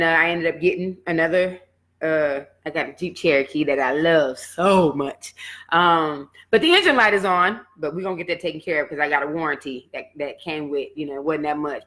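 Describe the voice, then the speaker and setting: A woman fitness coach, telling a personal setback story in casual talk and acting out what she said back then. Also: low-pitched. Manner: animated storytelling, acts out her own past words.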